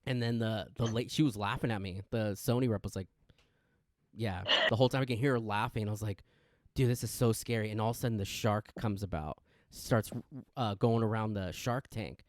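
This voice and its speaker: A man co-hosting a casual podcast, an animated storyteller who acts out quotes. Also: fairly low pitch, brisk, dry recording, clean studio sound. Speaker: podcast co-host. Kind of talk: casual chat.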